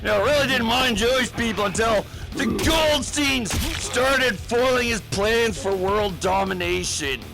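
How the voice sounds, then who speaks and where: A man's voice: very high-pitched, unhurried, vocal fry, hardly any pauses, over music, poor audio. A man doing a rambling, profane comedic rant full of fillers, as a gaming vlogger.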